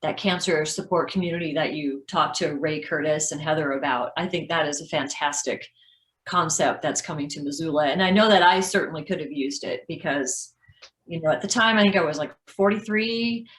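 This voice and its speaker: A woman's voice: low-pitched, brisk. Frank lady in her 50s telling her story over a video call, roomy echo. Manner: candid, animated storytelling with laughs. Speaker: guest speaker.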